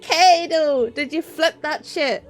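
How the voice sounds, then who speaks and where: A woman's voice: on the high side, moderate pace, faint music behind. A woman with a Northern Irish accent chatting casually while streaming a game, swearing freely and laughing often. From Northern Ireland. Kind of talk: casual live-stream chat while gaming.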